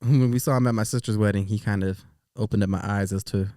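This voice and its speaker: A man's voice: fairly low pitch, fast, no echo, clean studio sound. A man co-hosting a casual podcast, telling funny stories and laughing often. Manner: joking, animated storyteller who laughs a lot. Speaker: podcast co-host. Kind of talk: casual couple's podcast chat.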